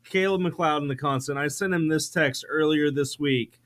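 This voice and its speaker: A man's voice: fairly high pitch, moderate pace, fairly bright tone, slight background noise. A man hosting a casual podcast, teasing his guests and cutting them off. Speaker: podcast host.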